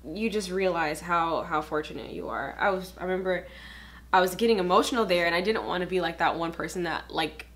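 A woman's voice: lowish voice, a little fast. A woman chatting casually while doing her makeup, rambling with lots of fillers and openly emotional. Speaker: beauty vlogger. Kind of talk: casual get-ready-with-me chat.

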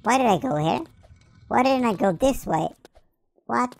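A man's voice: very high voice, lively intonation, a little slow, creaky, exaggerated voice, poor audio. A man voicing a cheeky baby hedgehog in playful gameplay commentary, full of silly rhymes and nonsense words. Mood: chatty. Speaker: game player.

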